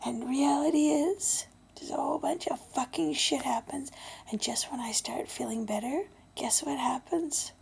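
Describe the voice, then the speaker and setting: A woman of fifty talking candidly in a vlog, blunt and swearing, dropping to a hushed breathy voice and then getting loud. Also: fairly high pitch. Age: 50s. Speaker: vlogger.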